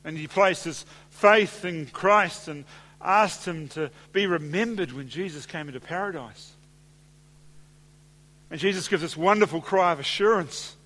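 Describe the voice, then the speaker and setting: Male pastor, sermon, measured preaching, fairly high voice, long hall reverb. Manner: measured preaching, slowing and softening for scripture quotes.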